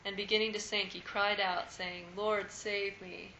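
A woman reading scripture aloud at a Bible study in a steady, measured way. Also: medium pitch, vocal fry. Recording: echoey room, muffled lo-fi sound, faint background noise.

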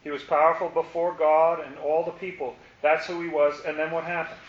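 Leading a Bible study, a man with a somewhat high voice speaks a little quickly, posing questions and animatedly performing the crowd's lines. The room recording is echoey and muffled, with a faint hiss underneath.

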